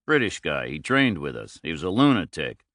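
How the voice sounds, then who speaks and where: A man's voice: extremely low pitch, sing-song, moderate pace, a bit bright, dry recording, heavily acted. A man voicing a laconic ex-military police drifter in an audiobook, terse and dry. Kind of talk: audiobook character voice.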